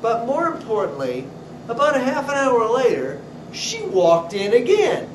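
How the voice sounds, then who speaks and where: Slow, animated deli owner telling stories. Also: male voice, very high-pitched, far from the mic. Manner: animated storyteller acting out customers. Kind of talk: storytelling. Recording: roomy echo with clear noise.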